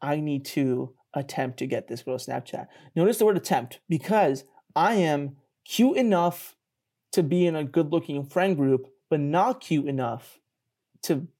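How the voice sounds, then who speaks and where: A young man telling a story in a casual podcast chat. He mocks himself, laughs often and jumps up in pitch when he gets excited. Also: measured pace. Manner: animated, self-mocking, laughs often and jumps higher in pitch. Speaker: podcast co-host.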